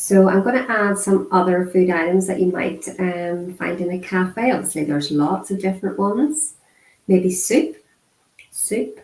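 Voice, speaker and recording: Woman, lowish voice, unhurried lesson delivery with repeated words, roomy echo. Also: darkish tone. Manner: slow and measured, repeating single words with pauses; frequent throat clearing and fillers. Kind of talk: interpreted beginner lesson, spoken aloud.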